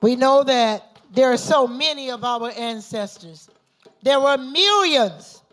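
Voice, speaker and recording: A woman's voice: high voice, animated, takes it slowly, a bit bright. A woman leading a libation ceremony, chanting invocations and repeated call-and-response refrains. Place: gathering at an institution.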